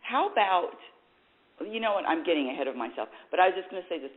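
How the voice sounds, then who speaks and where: A woman's voice: on the low side, lively intonation, fast. Woman host with a tinny phone sound. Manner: rambling, self-correcting, laughs at herself. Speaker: radio show host. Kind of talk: spiritual talk show monologue.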